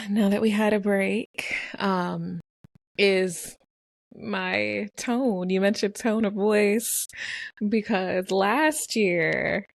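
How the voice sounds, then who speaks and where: Female podcast co-host, mid-pitched, thoughtful storyteller, dry close sound. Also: extremely slow, vocal fry, no echo. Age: young adult to middle-aged, a mother. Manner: reflective, tells stories with little laughs. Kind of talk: casual podcast chat.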